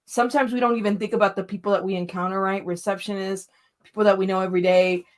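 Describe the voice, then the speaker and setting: A woman's voice: medium pitch, fairly even intonation, fast talker. Woman host, reassuring and supportive toward a guest. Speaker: interview host. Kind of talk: interview.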